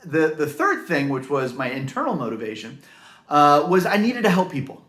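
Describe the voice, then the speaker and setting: A man's voice: fairly high pitch, big pitch swings, moderate pace, a bit bright. Earnest man telling his story, roomy sound. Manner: earnest, heartfelt, filler-heavy storytelling. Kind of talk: personal story to camera.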